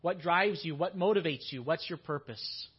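A man with a fairly high, husky voice preaches a sermon in a church at normal speed, sounding earnest and often repeating his questions for emphasis. The audio is dull and lo-fi.

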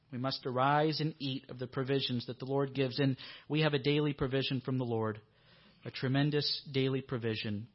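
A man's voice: medium pitch, highs cut off. A man preaching a sermon in a church, earnest and given to repeating his questions for emphasis.

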